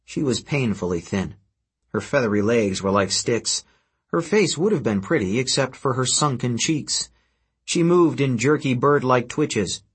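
A man narrating a fantasy adventure story in a steady, even storytelling manner. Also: mid-range voice, slightly rough. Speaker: audiobook narrator. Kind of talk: scripted narration.

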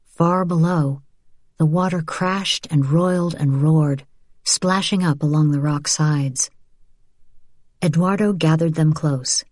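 A woman reading a novel aloud as an audiobook narrator, in even, measured storytelling. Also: deep voice, no echo, studio quality. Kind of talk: scripted narration.

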